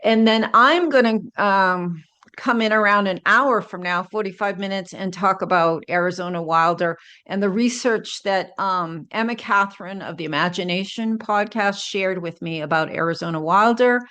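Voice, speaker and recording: A woman hosts an interview in a chatty, friendly way. Her voice sits at a middle pitch and she keeps the talk casual. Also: moderate pace, pushed and bright, smooth. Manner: chatty, friendly, laughs easily. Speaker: host.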